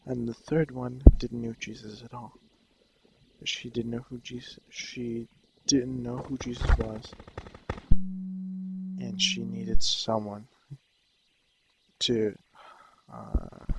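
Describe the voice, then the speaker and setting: A young man tells a personal story in a loose, rambling way and keeps losing his thread. His voice sits in a middle pitch with a gravelly, creaky edge. A steady noise runs under the recording. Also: slow pace, pauses often. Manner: rambling, loses his train of thought. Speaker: vlogger.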